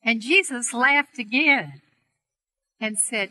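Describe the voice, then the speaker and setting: A middle-aged woman teaching on healing prayer, telling a story gently and earnestly to an audience. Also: medium pitch, lively intonation, measured pace, rough recording. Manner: gentle, earnest storytelling with soft quoted voices. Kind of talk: storytelling talk to a seminar audience.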